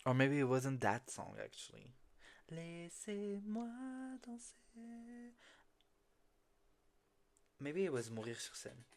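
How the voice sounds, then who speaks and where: A man's voice: mid-range voice, brisk, creaky, few pauses, soft background music. A man hosting a podcast, telling a story casually and profanely, often laughing at himself. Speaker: podcast host. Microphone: phone.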